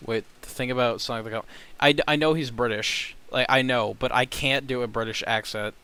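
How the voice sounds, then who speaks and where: A man's voice: medium pitch, steady tone, fairly quick, bright, forceful tone, smooth. A man chatting casually on a live stream, rambling between topics with frequent swearing and laughter.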